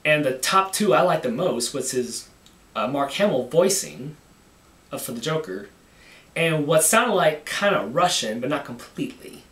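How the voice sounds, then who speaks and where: Man, hobby filmmaker, halting casual talk, repeats himself, echoey room. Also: fairly high pitch, expressive, fairly bright tone. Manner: halting, repeats words and restarts often. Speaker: amateur filmmaker. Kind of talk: casual behind-the-scenes talk. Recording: echoey room, mic at a distance.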